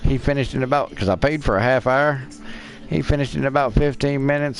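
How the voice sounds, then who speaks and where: A man's voice: mid-range voice, fairly even intonation, fairly quick, soft background music. A middle-aged man streaming a game, telling crude, profane stories in a casual chat. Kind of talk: casual storytelling while gaming.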